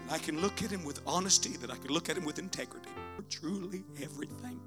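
A man preaching a sermon in church, swinging between shouted exhortation and hushed prayer. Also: fairly high pitch, lively intonation, brisk, music in the background.

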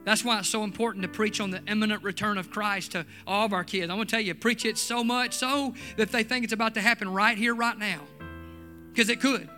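A man preaching a sermon testimony, swinging from hushed storytelling to fervent shouting. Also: sits high, fairly even intonation, brisk, faint music behind. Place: church.

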